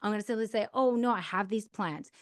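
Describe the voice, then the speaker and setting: A woman's voice: mid-range voice, fast talker, no echo, clean studio sound. A middle-aged woman hosting a podcast, giving casual, encouraging advice straight to the listener. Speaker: podcast host.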